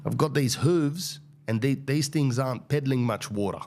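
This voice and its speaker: A man's voice: mid-range voice, brisk, a little mellow, slight background noise, voice pushed up, close to an everyday voice. A man doing a scared talking donkey. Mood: panicky. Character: scared male donkey on a rickety bridge.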